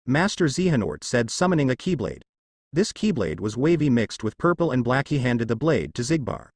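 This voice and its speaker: A man reads a fan-fiction story aloud, telling it in a steady storytelling manner. His pitch sits in the middle but moves lively up and down. The recording is dry, with no room sound. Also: moderate pace, dry recording. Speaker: narrator.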